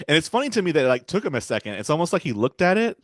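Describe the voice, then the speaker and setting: A man's voice: fairly high pitch, very animated, racing, dry recording, studio quality. A man hosting a podcast, retelling film scenes in a rambling, casual way with chuckles. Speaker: podcast host.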